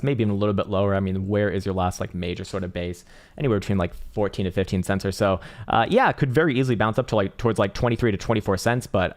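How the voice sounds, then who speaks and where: A man casually analyzing trading charts on a live stream, rambling, swearing freely and laughing as he reads viewer messages aloud. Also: on the low side.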